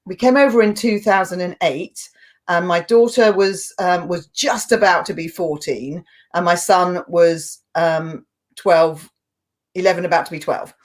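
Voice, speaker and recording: A woman's voice: fairly low pitch, unhurried. A woman in her fifties with an English accent, a storyteller chatting casually and giggling through anecdotes. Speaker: storyteller guest. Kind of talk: casual chat.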